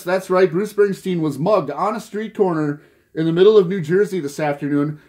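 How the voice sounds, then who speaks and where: A man hosting a vinyl record channel, telling mock news jokes and chatting about his finds, laughing at his own gags. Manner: goofy, laughs at his own jokes, lively pitch swings. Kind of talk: casual joking news segment and haul chat.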